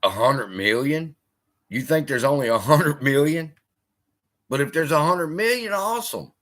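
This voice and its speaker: A man hosts a casual live stream, speaking in loose, profane bursts while he reads and answers his chat. His voice is bright and forceful, and his pitch jumps all over the place as he talks. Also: moderate pace. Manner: profane, animated, heckling chat. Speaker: host.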